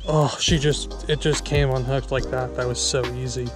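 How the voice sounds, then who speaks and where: A man filming a fishing vlog outdoors by a small pond, talking excitedly and repeating his exclamations as he lands a fish. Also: mid-range voice, moderate pace, over music. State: shaky with excitement. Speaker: fishing vlogger.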